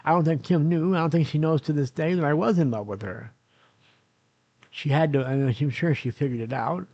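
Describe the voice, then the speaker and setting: Gravelly older man rambling through a story. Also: on the high side, fairly quick, a little mellow, no room sound, muffled recording. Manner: rambling, self-correcting, many "uh"s. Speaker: vlogger. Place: room in a nursing home. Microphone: camera recording himself.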